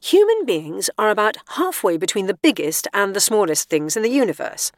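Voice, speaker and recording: A sharp, lecturing woman who prods insistently, read by a woman narrator. Her voice sits low and is recorded dry and close, in a steady audiobook reading. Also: fairly quick, dry recording. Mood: pointed, prodding. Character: clever woman archaeologist, wry and lecturing.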